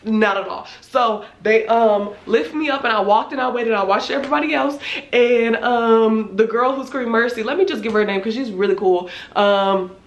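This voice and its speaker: A woman in her twenties telling a casual storytime, animated and slangy, with lots of filler words and cursing. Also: on the high side, normal speed, muffled recording. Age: 20s. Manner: animated, slangy, swears freely, many "like" fillers. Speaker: vlogger. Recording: echoey room.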